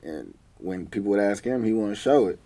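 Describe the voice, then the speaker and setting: A man's voice: fairly low pitch, sing-song, moderate pace, creaky, dark tone. Laughing young man swapping stories. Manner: laughing, slangy, teasing. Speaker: vlogger telling childhood stories. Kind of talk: casual storytelling.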